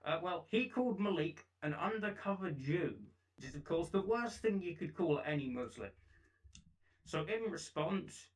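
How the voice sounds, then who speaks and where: A man with a fairly high voice narrates commentary, dropping dry sarcastic asides in a deadpan manner. He sits a little back from the microphone, so his voice sounds slightly distant. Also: moderate pace.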